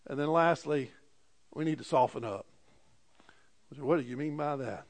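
Impassioned preaching man, high-pitched. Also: normal speed. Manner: impassioned preaching with frequent amens, swings loud and soft. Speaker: pastor. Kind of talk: sermon.

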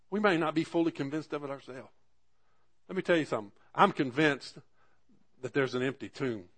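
Casting note: man in his 40s, pastor, fairly high voice, folksy sermon storyteller. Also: a bit bright. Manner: folksy storytelling with frequent restarts and call-and-response "amen".

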